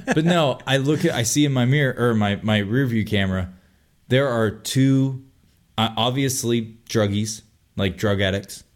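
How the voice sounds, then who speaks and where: A young man telling a long story on a casual podcast, animated and full of swearing. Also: medium pitch, moderate pace. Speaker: podcast host.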